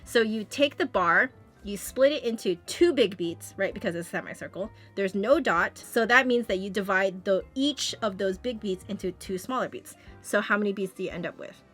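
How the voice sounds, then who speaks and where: Bright-voiced woman teaching music theory. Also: mid-range voice, normal speed. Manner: chatty, explanatory, sings beats with "bum". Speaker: flute teacher. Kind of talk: casual music lesson explaining sight reading.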